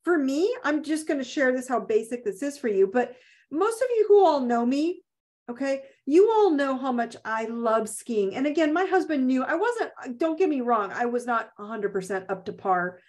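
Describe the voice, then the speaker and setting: A woman's voice: sits high, animated, moderate pace, darkish tone. Emphatic woman coaching a video-call group. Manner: emphatic, repeats phrases, blunt and casual. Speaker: host of an online self-help group. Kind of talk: live motivational coaching talk.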